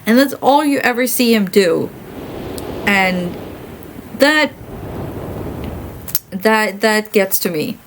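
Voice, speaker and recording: A tired woman streamer who is a classical musician, chatting casually and venting in a rambling, animated way while playing a game. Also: mid-range voice, slow, long pauses, a little hiss or hum, low-quality recording.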